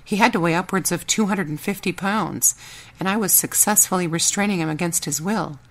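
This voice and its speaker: A woman reading a first-person audiobook in a steady, measured storytelling voice. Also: fairly low pitch. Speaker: audiobook narrator.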